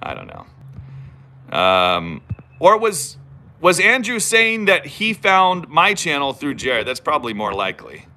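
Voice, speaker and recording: Lively, bright-voiced man chatting. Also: on the high side, measured pace. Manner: chatty and self-teasing, rambling asides. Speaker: YouTube vlogger hosting a live stream. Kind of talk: casual live-stream chat, reading viewer comments.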